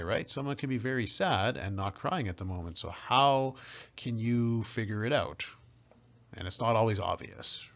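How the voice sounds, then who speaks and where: A man's voice: mid-range voice, creaky, pushed and bright. A male instructor giving a recorded slideshow lesson in a friendly way, often checking in with "right?". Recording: slightly dull lo-fi audio.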